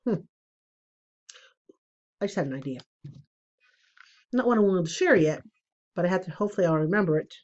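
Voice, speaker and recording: A woman's voice: lowish voice, lively intonation, fairly quick, pauses often, darkish tone, muffled recording. A woman chatting casually at home for her vlog, rambling and self-deprecating as she tells stories before an oracle card reading. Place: at home, indoors.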